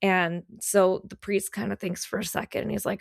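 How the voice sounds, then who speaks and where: A woman's voice: lowish voice, fairly even intonation, normal speed, vocal fry, few pauses, no echo, clean studio sound. A woman co-hosting a podcast, retelling a folktale in a chatty, irreverent way. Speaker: podcast co-host. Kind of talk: casual storytelling.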